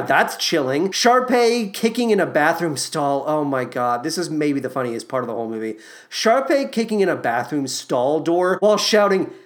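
Comedic podcast host, female: lower voice, very animated, sarcastic and profane. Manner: sarcastic, exaggerated asides, profane. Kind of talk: comedic movie commentary.

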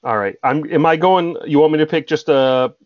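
A man's voice: fairly high pitch, normal speed, dry recording, dull audio. A man in his thirties co-hosting a casual podcast, chatty and jokey, stumbling now and then as he reads aloud. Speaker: podcast co-host.

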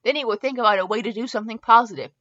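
A woman hosts a reading show and narrates a story aloud in a bright, clear voice. She restarts words when she trips over them and breaks off into comic asides. The sound is a little dull and lo-fi. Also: a little high, racing. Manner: stumbles and restarts on words, laughs at herself. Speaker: podcast host reading fanfiction aloud.

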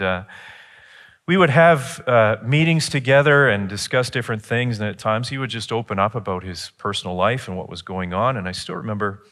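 A middle-aged man preaching a sermon in an earnest teaching tone, rising higher and louder when he presses a point.

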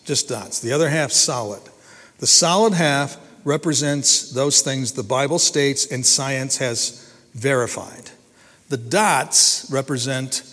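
A man's voice: medium pitch, fairly bright tone. Preacher man in an echoing hall. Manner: earnest, repeats and restarts words, emphatic rises. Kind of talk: sermon. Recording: long hall reverb.

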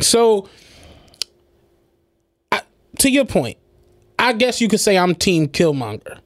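A man in casual podcast chat, telling profane, animated anecdotes and laughing along. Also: sits high, slow, long pauses.

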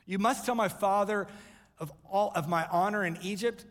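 A man preaching a sermon to his congregation, emphatic, with quick joking asides to the room. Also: sits high, a bit bright. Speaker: pastor. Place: church sanctuary. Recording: live church hall reverb.

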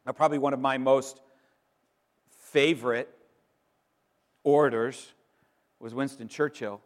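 A middle-aged man preaching an Easter sermon as pastor, emphatic, pausing for effect and repeating words as he builds. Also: medium pitch, fairly even intonation. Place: church sanctuary. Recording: long reverb in a large hall.

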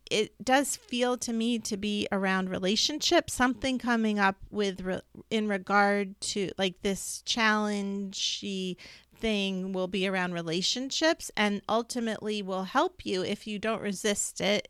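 A woman co-hosting a spiritual podcast, talking fast and rambling with fillers and restarts. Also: mid-range voice, a bit bright, clean tone, no room sound, clean studio sound. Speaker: podcast co-host, intuitive reader. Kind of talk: casual spiritual chat.

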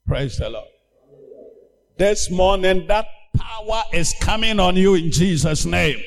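A man preaching a sermon as pastor, emphatic and slow, breaking into shouted commands for healing. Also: sits high, animated, big-room sound.

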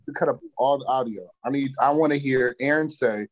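A man in a casual podcast chat, playfully mocking a friend with drawn-out repetition. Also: medium pitch.

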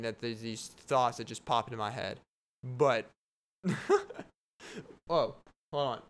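A man's voice: medium pitch, clean tone. A young man hosting his own podcast, rambling through stories with lots of fillers and laughs. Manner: rambling, animated storytelling with frequent laughs and fillers. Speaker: podcast host.

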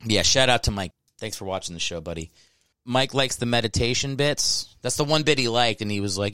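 A man in his thirties from Ohio hosts a solo podcast, rambling and cracking profane jokes. His voice is smooth and clean, close on the mic in a dry, dead room. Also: mid-range voice, fairly quick, pushed and bright, dry recording. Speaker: podcast host and stand-up comedian. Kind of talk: casual solo podcast monologue. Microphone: close microphone.

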